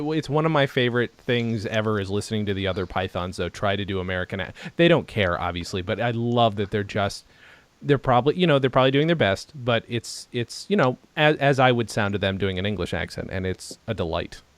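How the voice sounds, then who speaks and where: A man's voice: medium pitch, brisk, no room sound. A man hosting a podcast, chatting eagerly, laughing often and adding enthusiastic asides. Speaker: podcast host. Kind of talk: casual chat.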